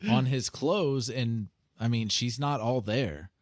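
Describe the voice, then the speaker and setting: Casting: relaxed game master, man, mid pitch, dry close sound. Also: slow pace, dry recording. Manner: easygoing, filler-heavy. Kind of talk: running a tabletop game.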